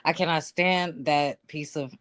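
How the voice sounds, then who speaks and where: Blunt, animated woman calling in. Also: deep voice, a little slow. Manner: blunt, animated, swears freely. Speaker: guest caller. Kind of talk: casual chat.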